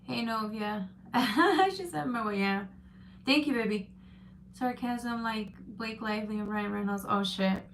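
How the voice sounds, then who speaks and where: A woman's voice: a little high, a little slow, a little hiss or hum. A woman giving a live-stream tarot reading, chatting loosely and reading out viewer comments with frequent restarts. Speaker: tarot reader.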